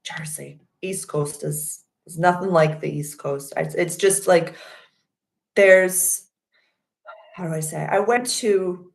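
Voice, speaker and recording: A young woman with a Boston accent hosting a casual astrology chat, rambling and animated as she tells stories and answers viewers. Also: fairly low pitch, slow pace, creaky. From Massachusetts. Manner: rambling, animated storytelling with loud acted outbursts. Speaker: livestream host reading chat.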